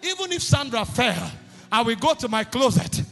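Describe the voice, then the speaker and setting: A man preaching a fervent sermon, often shouting and repeating phrases for emphasis. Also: very high-pitched, very animated, normal speed. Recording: long hall reverb with faint music behind.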